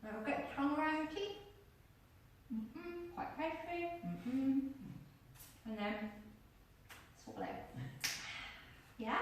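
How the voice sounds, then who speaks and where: A woman's voice: sits high, a little hiss or hum. A woman teaching a workshop on using the voice, chatty and encouraging as she demonstrates exercises aloud to a group. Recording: very echoey room, voice from far off.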